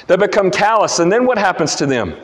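A man preaches an earnest verse-by-verse sermon in a slightly high voice. He often restarts his phrases as he explains the text. His voice carries a long reverb from a church hall. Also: big pitch swings, brisk. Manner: earnest teaching, frequent restarts. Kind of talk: expository sermon.

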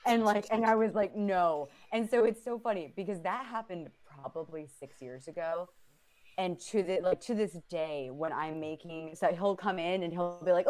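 Woman, podcast co-host, casual chat, animated, filler-heavy, lowish pitch. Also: normal speed. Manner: animated storytelling, many "like" fillers.

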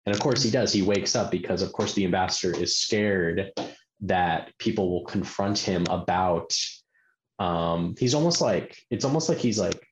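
A man's voice: deep voice, normal speed. A man co-hosting a podcast, casually talking through a film and filling his sentences with "like". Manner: rambling, heavy use of filler "like". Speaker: podcast co-host. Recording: roomy, muffled, faint hiss.

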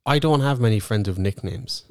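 A man's voice: fairly low pitch, moderate pace, clear, resonant tone, dry recording. A young man from Cork's north side with a local accent, co-hosting a podcast with dry, sweary wit. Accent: Cork north side. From north side of Cork. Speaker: podcast co-host. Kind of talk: casual chat.

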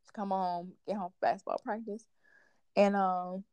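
A young woman hosting a relaxed conversation, rambling and animated, with lots of "like" as she tells a story. Her voice sits at an ordinary middle pitch. The sound is dry and close, with no room around it. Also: moderate pace, smooth, no echo. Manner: animated storyteller, fills talk with "like". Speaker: podcast host. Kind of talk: casual chat.

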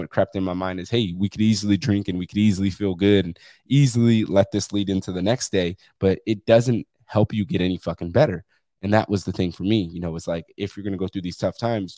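A man's voice: sits low, a little mellow, no room sound. A man hosting his own podcast, talking bluntly and candidly with frequent swearing. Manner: blunt, profane, emphatic. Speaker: podcast host. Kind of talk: candid solo podcast monologue.

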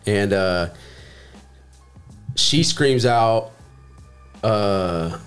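A man's voice: fairly low pitch, animated, drawn-out words, clear, resonant tone. Young man, casual storyteller, swears freely, acts out quotes, faint background music. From Grand Prairie, Texas. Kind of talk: casual chat.

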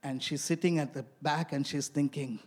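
Male preacher with a high voice, delivering a story-driven sermon that keeps checking in with his congregation. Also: fairly even intonation, moderate pace, darkish tone. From India.

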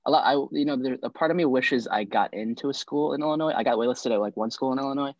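A young man from the Midwest chatting casually, laid-back and quick to laugh. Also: mid-range voice, no room sound, muffled recording. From Chicago area, US Midwest. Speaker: grad student interviewee. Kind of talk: casual chat.

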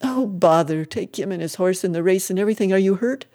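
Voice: lively intonation, fast talker, darkish tone, natural voice. A reader voicing an anxious country deacon who gasps out his words. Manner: gasping, anxious, raised pitch.

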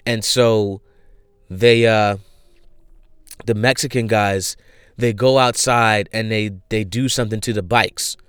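A man casually retelling a show he recommends, animated and full of fillers. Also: on the low side, slow, long pauses, clean tone, no room sound, studio quality. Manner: animated storyteller, many fillers.

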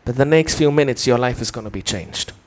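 A man's voice: medium pitch, brisk. A man preaching a teaching sermon, explaining step by step and putting questions to his listeners.

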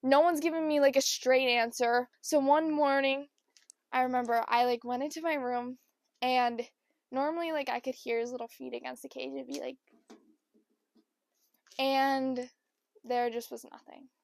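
Young woman, podcast host, high bright voice, casual animated storytelling, dry close sound. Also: normal speed, gravelly, long pauses, dry recording. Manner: animated, acts out quoted people with changed voices.

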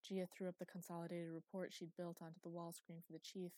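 A woman narrating an audiobook in a steady, even storytelling manner. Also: lowish voice, fairly quick, no room sound.

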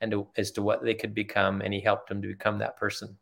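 A man's voice: on the low side, monotone, fast talker, vocal fry, a bit bright. Earnest older man telling stories. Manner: earnest, heartfelt, repeats phrases for emphasis. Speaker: podcast guest, retired executive. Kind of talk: conversational storytelling.

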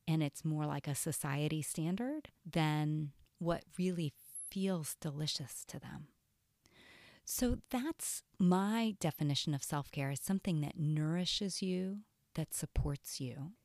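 A woman's voice: low-pitched, unhurried, vocal fry, darkish tone, dry recording, clean studio sound. A woman coach giving an earnest teaching talk on self-care, often asking "right?".

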